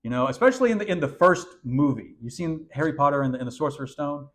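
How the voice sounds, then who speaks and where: Animated man preaching to youth. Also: on the high side, quick pace. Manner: animated, repeats words, slips into voices. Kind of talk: sermon to young people.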